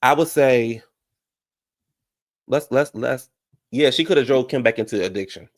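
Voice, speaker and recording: A man's voice: mid-range voice, unhurried. A man giving a casual, blunt recap of a reality TV episode, chatty and full of asides. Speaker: reality TV commentator.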